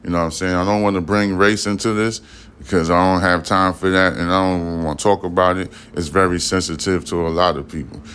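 A man with a deep, low-pitched voice hosts a casual news podcast. He reads headlines aloud, then wanders off into rambling, profane asides, talking straight to his listeners. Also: fairly even intonation, brisk, fairly bright tone, clear, resonant tone.

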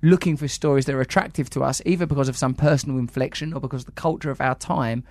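A man's voice: mid-range voice, fast, darkish tone, no room sound, clean studio sound. A man hosting a podcast, talking in a playful, riffing, teasing way. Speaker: podcast host. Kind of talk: casual chat.

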